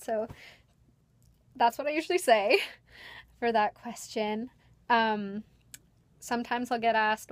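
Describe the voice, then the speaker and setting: A woman's voice: medium pitch, no echo. A young woman who performs as a party princess, talking casually in a vlog, chatty, with frequent light laughs.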